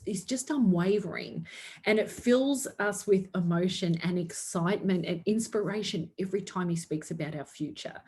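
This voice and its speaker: A woman of medium pitch gives her sales team an earnest motivational pep talk. She sounds upbeat and laughs often between points. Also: mellow. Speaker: network marketing team leader.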